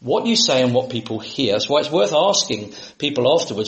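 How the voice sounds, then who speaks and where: A British man preaching to fellow preachers in a lively, humorous way, sometimes shouting for comic effect. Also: mid-range voice, brisk, reverberant. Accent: British English. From Britain.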